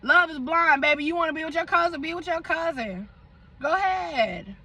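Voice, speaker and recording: A young woman vlogger tells a dramatic storytime with lots of slang and side comments to her audience. Her voice sits high and sounds sharp and bright. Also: normal speed, rough recording. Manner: animated, dramatic storytelling with slang and asides to viewers. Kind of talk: storytime vlog.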